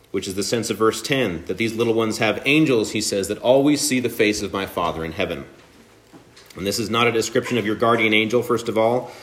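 A man preaching a sermon in an earnest, emphatic way, slowing down and pausing on key phrases. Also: on the low side, a bit bright. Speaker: pastor.

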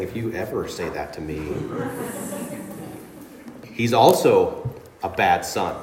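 Low-voiced man preaching in an echoey church. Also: a little hiss or hum. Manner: earnest, emphatic preaching with dramatic scripture reading. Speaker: pastor. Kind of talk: sermon. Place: church sanctuary.

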